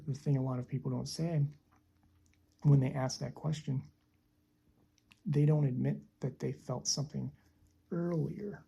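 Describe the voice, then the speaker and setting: Slow, deeply gravelly woman teacher. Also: warm tone, muffled recording. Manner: deliberate, repeats phrases for emphasis. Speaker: spiritual teacher. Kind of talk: slow reflective teaching monologue.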